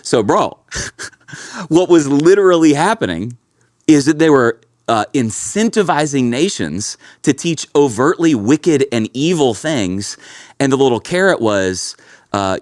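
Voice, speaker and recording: Animated man telling stories. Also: mid-range voice, measured pace, no echo, clean studio sound. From Kentucky. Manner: animated storytelling, calls his co-host bro and dude. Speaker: pastor and podcast host. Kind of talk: casual podcast chat.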